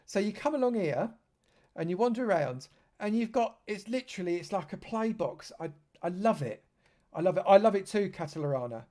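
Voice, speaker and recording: A man's voice: sits high, lively intonation, a little fast, darkish tone. A man giving a chatty live tour of a game server, heaping praise on what he shows. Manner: effusive, chatty, lavish with praise. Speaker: streamer touring a game server. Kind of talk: live gameplay tour commentary.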